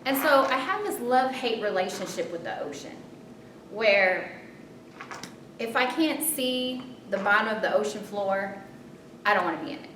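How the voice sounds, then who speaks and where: A woman recounts a personal story with animated, self-mocking drama and pauses. She sits far from the mic in a reverberant room. A steady low rumble runs underneath. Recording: roomy distant mic with rumble.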